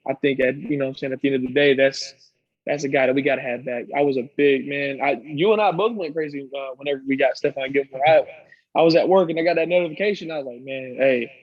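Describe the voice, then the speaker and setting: A man's voice: fairly high pitch, no echo, dull audio. A man co-hosting a casual sports podcast, giving earnest opinions with many ums and restarts. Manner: earnest, lots of ums and restarts while making his case. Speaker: podcast co-host.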